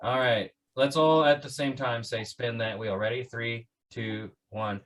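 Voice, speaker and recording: A man's voice: mid-range voice, steady tone, measured pace, crowd noise. A man hosting a podcast in a casual, joking way, teasing his co-hosts and reading out facts. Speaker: podcast host. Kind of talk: casual chat.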